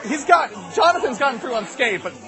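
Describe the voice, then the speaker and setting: A man's voice: very high-pitched, fairly quick, a crowd in the background. A man telling a long comic story live, rambling and correcting himself as he goes, with an audience audible behind him. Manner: rambling, self-correcting, animated. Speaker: comedian.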